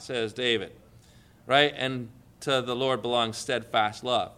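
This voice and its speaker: A man's voice: medium pitch, fairly even intonation, slow, pushed and bright, clean tone. A man preaching a sermon as pastor, earnest, with rhetorical questions and rising emphasis.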